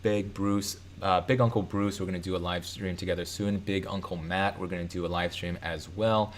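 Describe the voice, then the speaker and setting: A man's voice: deep voice, fairly even intonation, moderate pace, a little hiss or hum. A man from Chicago hosting a live stream, reading out viewer comments in a loose, rambling way with many fillers and self-corrections.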